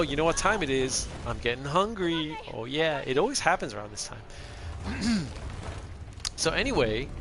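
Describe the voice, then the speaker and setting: A man in his thirties giving casual, rambling commentary while playing a video game, laughing often. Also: medium pitch. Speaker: gameplay streamer.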